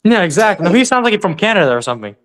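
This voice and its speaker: Excited young-sounding sports fan man. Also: high voice, racing, crowd noise. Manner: excited, boastful fan banter. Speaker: podcast co-host. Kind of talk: casual sports chat.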